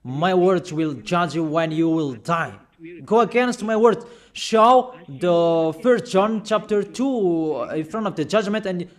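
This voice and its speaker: A male preacher delivering a sermon in a fairly high voice. He talks insistently, going back over his points and pressing his warnings on the listeners.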